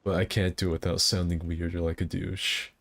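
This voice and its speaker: Gaming streamer, male, very deep with vocal fry, loose self-deprecating banter. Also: level tone, a little fast, a bit bright. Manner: rambling, self-deprecating chatter. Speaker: game streamer. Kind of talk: casual gameplay commentary.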